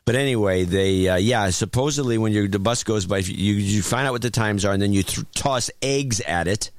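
A man's voice: lowish voice, brisk. A man hosting a casual talk show, giving blunt, wry opinions and often restarting his sentences.

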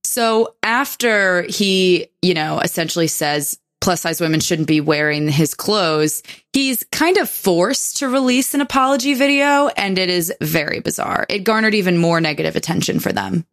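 A young woman co-hosts a casual podcast, talking in a slightly low voice with a chatty, sarcastic edge. She laughs easily. The sound is dry and close, with no room around it. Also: animated, normal speed, fairly bright tone, dry recording. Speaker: podcast co-host. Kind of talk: casual chat.

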